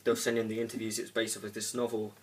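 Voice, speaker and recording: A man's voice: lowish voice, completely flat delivery, racing. A young man giving a casual spoken film review, rambling with lots of fillers and the odd swear word. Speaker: movie reviewer. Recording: voice a bit distant from the mic.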